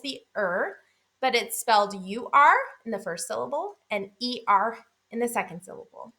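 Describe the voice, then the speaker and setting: A woman teaching a phonics lesson, explaining vowel sounds clearly and deliberately and drawing out single sounds. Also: a little high, sharp tone. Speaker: literacy teacher.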